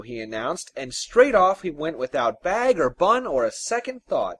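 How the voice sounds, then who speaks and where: A man narrating a folktale in an expressive, theatrical storytelling style. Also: medium pitch, a little slow, hardly any pauses.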